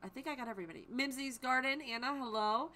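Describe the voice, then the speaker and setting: A woman's voice: high-pitched, fast, pushed and bright. A woman hosting a live stream from home, chatting casually and greeting viewers by name. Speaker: livestream host.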